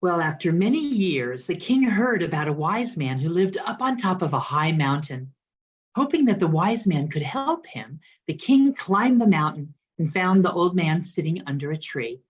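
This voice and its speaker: A woman minister telling a parable in a sermon, expressive and lively in the way she voices its characters. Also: fairly low pitch, normal speed, husky, muffled recording. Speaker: guest minister. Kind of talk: sermon storytelling.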